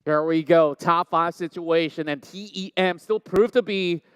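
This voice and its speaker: A male caster calls a live esports match with a slightly high voice. His delivery is energetic and quick to rise into excited bursts over the action. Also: clean tone, no room sound. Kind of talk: live play-by-play commentary.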